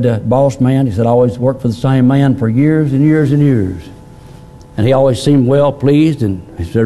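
Male pastor, middle-aged, mellow tone; folksy sermon delivery with restarts and fillers. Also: medium pitch. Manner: plain-spoken, repeats words, many fillers.

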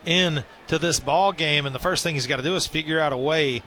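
Wry color commentator, bright voice. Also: male voice, fairly high pitch, brisk, slight background noise. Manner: wry, joking about his losing pick.

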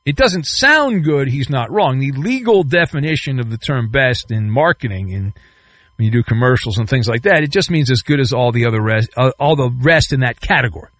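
A man hosting a sports talk show, riffing sarcastically and swinging between loud bursts and low asides. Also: lively intonation, fairly quick. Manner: sarcastic, riffing with mock quotes. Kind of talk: sports talk radio commentary.

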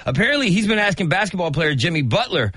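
A man co-hosting a morning radio show, joking and animated in casual chat. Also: sits high, quick pace, slightly rough, dry recording, clean studio sound. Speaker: radio co-host.

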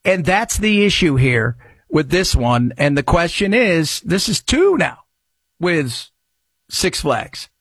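A man hosting a talk show, chatting casually in an animated, joking way that rambles with restarts. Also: a little high, slow, breathy edge, no echo.

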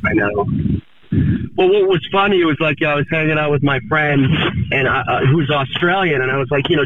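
Excitable man rambling over a tinny phone. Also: a little high, brisk, heavy background noise. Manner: excitable, rambling, repeats words. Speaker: guest musician. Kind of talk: casual phone interview. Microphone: phone line. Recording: tinny dry phone line.

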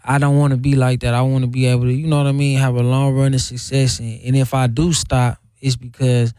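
A man's voice: medium pitch, little pitch movement, a little fast, dark tone, clear, resonant tone, no echo, studio quality. A man talking casually as a radio guest about his work, often asking "you know what I'm saying". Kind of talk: casual interview chat.

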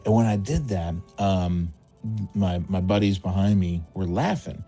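A man's voice: sits low, a little slow, warm tone, faint music behind. A middle-aged man tells a rambling, self-mocking story full of fillers, as a caller to a radio show. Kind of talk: casual phoned-in anecdote.

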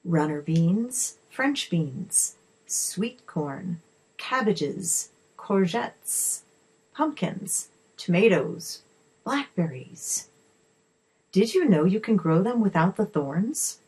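Lady reading as a kind earnest gardener mum, low husky voice, eager. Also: big pitch swings, drawn-out words, darkish tone, exaggerated voice, poor audio. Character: earnest kind woman, new gardener, mother.

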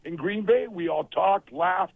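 A high, gravelly man in his fifties spins lively stories as a guest. His voice comes through a tinny phone line, husky and dry. He acts out every quote as he goes. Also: a little slow, no echo. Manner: animated storyteller, acts out quotes. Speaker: guest, former football player. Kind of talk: casual phone interview storytelling.

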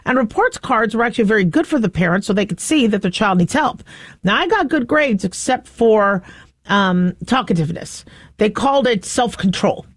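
A woman in her fifties, hosting a talk monologue and spinning animated stories that she acts out as she goes. Her voice sits at a mid pitch. It is recorded close and dry, with no room around it. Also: normal speed, no room sound. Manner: animated storyteller who acts out quotes. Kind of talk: monologue with anecdotes.

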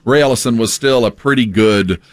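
A man's voice: medium pitch, brisk, no room sound. A man from San Antonio co-hosting a radio show, trading dry wisecracks and telling anecdotes. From San Antonio, Texas. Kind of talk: casual radio banter and storytelling.

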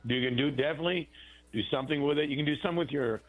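A man's voice: on the high side, very fast, poor audio. A man, a plastic surgeon, talking casually on a radio-style show and explaining procedures plainly, often restarting his sentences.

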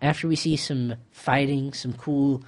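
An easygoing man, riffing through a movie breakdown with a friend. His pitch sits in the middle, and his talk wanders casually, with bursts of laughter along the way. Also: slight background noise. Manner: relaxed, rambling, quick laughs. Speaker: video co-host.

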